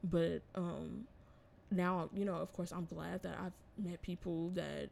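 A woman's voice: lowish voice, steady tone, slow pace, creaky, mellow, slight background noise. A young woman in her twenties co-hosting a casual podcast, rambling with lots of fillers. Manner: rambling, filler-heavy, trailing off. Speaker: podcast co-host. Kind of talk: casual chat.

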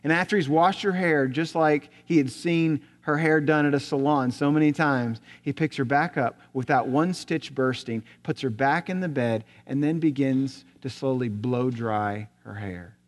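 A male pastor preaching a sermon, telling a story and asking rhetorical questions, often dropping to a soft voice. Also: mid-range voice, moderate pace, hardly any pauses. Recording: long hall reverb.

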